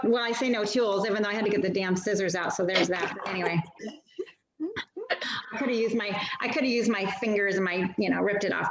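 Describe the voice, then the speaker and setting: A chatty woman walks fellow sellers through a product demo in a casual, self-deprecating way. Her voice comes through a video call that sounds roomy and a little muffled, with the high end dulled. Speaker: nail polish stylist training other sellers. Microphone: video call mic.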